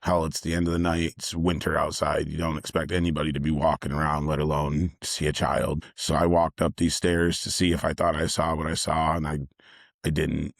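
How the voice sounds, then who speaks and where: Deep, flat-voiced man telling a story. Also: brisk, vocal fry, dry recording, clean studio sound. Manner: rambling and earnest, circles back and repeats himself. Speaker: delivery driver. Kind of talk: casual personal storytelling.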